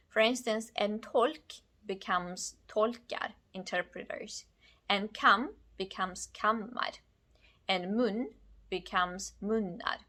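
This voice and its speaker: A woman teaching a language lesson, explaining grammar rules in a clear, deliberate way. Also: medium pitch, sharp tone. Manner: clear, deliberate, spelling out endings. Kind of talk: slow scripted lesson.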